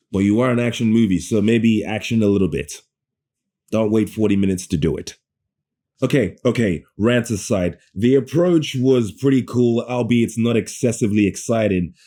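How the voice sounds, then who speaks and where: A man giving a ranting, sarcastic movie review, animated and swearing, often stumbling and restarting mid-sentence. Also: mid-range voice. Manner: sarcastic, animated rant with profanity.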